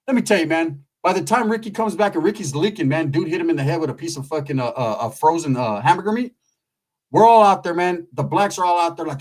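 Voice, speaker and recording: A man telling a rambling street story in a profane, animated way, tagging his lines with "right?". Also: on the high side, low-quality recording.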